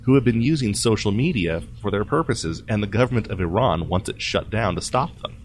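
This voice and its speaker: A low-voiced man hosts a casual tech news podcast, his pitch swinging widely as he jokes and laughs his way through each story. A faint hiss sits under the recording. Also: fairly quick. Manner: jokey, animated, laughs often. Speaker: podcast host.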